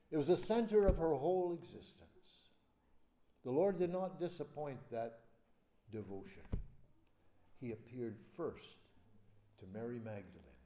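A man preaching a sermon, acting out quoted voices and swinging from loud emphasis to hushed, soft lines. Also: a little high. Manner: acts out quoted speech. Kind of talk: expository sermon.

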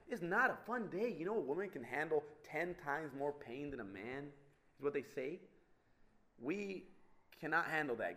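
A man with a high voice that swoops all over the place tells funny everyday stories to a crowd. He is animated and keeps slipping into the voices of the people he describes. It sounds like a humorous talk on stage. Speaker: speaker addressing an audience.

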